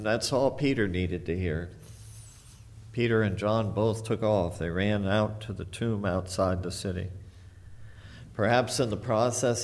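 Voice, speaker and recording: Male pastor, lowish voice, slow measured sermon delivery, reflective storyteller. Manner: reflective storytelling, retelling scripture.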